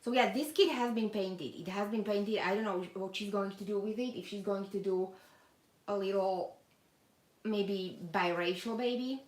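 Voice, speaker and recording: This doll collector speaks at medium pitch and normal speed as she hosts a live-stream unboxing. The room is echoey, and she's chatty, reading viewers' comments out loud with plenty of fillers.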